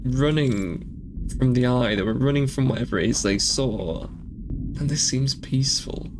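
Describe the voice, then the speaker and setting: A man's voice: mid-range voice, unhurried, noisy background. A man playing through a game, thinking aloud and asking question after question in an earnest, emotional way. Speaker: gaming streamer. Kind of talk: let's play commentary.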